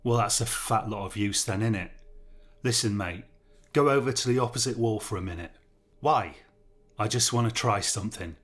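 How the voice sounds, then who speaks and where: A man's voice: lowish voice, normal speed, a bit bright, natural voice. Man voicing a crude, threatening prisoner. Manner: coarse, threatening, slangy. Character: crude, aggressive male prisoner.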